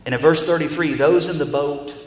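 A man's voice: fairly high pitch, steady tone, brisk. A man preaching a sermon as pastor, emphatic and repeating phrases for stress. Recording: echoey hall reverb, faint ambience.

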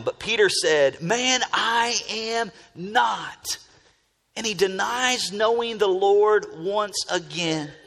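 A man delivers a sermon in a high, bright voice, pressing his listeners with rhetorical questions and stumbling into quick restarts. His words ring with a long reverb, as if spoken in a large church hall. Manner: expressive preaching with frequent restarts and rhetorical questions. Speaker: pastor.

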